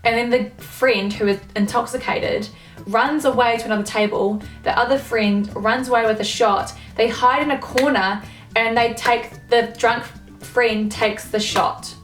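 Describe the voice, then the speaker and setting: A woman's voice: a little high, fairly even intonation, measured pace, faint music behind. Young woman ranting, roomy distant sound. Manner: swears a lot, filler-heavy, exasperated. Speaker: vlogger. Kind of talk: casual ranting monologue. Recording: echoey room, mic at a distance.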